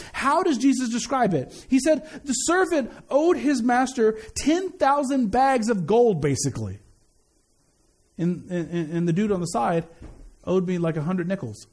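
Man, high voice, preacher, animated conversational sermon with slangy asides.

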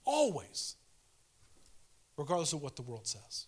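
A man's voice: on the high side, moderate pace. Earnest pleading male preacher. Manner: earnest, pleading, swings between fervent and hushed. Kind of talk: casual devotional sermon.

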